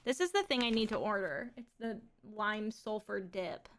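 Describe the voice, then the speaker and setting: A woman's voice: medium pitch, moderate pace, a bit bright. A woman live streaming from home, talking in a rambling, casual way and swearing and laughing often.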